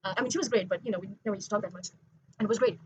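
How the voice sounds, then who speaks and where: A woman's voice: medium pitch, very fast, a little mellow, a little hiss or hum, poor audio. A young woman in a late-night confessional vlog monologue, rambling, correcting herself and earnest. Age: young adult. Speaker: vlogger.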